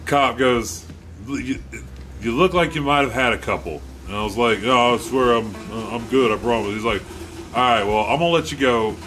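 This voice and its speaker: A man's voice: mid-range voice, moderate pace, slight background noise. Profane man telling a wild story. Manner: profane, animated, acts out quotes. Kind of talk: casual storytelling.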